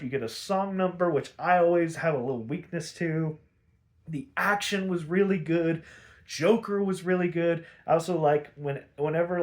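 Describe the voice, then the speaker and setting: A man hosting a podcast, recapping an episode in a casual, rambling, animated way with a lot of swearing. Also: fairly high pitch. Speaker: podcast host.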